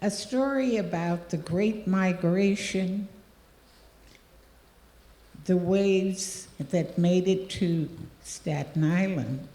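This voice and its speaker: An older woman speaks very slowly and deliberately as an honored guest, gracious in tone. Her voice carries through a roomy hall with a long, lingering reverb. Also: lowish voice, warm tone. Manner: very slow, deliberate, gracious delivery. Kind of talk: formal ceremony speech. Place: large hall.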